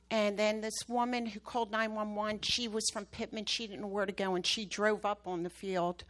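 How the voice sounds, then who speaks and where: A woman's voice: medium pitch, flat delivery, moderate pace, few pauses, a bit bright. A woman preaching to her church, telling a story with emphatic, rising bursts at the key moments. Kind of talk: sermon testimony.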